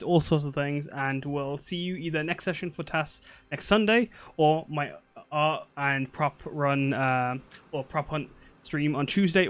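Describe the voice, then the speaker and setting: A man's voice: a little high, a bit bright. A man hosting and wrapping up a streamed tabletop game, talking in a laid-back, rambling way with casual swearing. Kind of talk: casual wrap-up chat.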